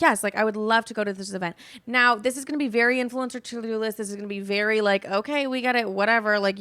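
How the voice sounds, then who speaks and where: A woman's voice: medium pitch, fairly bright tone. A young woman in her twenties hosting a podcast, telling a story as a dramatic, profane rant full of "like" and acted-out quotes of herself. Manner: dramatic, profane, quoting herself constantly with many "like"s. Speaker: podcast host.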